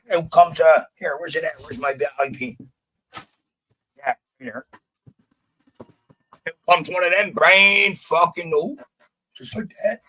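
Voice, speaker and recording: A man's voice: mid-range voice, a little slow, long pauses, poor audio. A man from Canada telling a gritty story in casual podcast chat, blunt and full of swearing. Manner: profane, blunt, animated retelling. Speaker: podcast guest.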